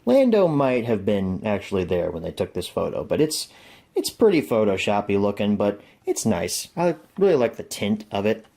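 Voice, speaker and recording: Young male vlogger, lowish voice, casual, self-deprecating, thinks aloud. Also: big pitch swings, moderate pace, gravelly, warm tone. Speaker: home media reviewer. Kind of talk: casual product review vlog.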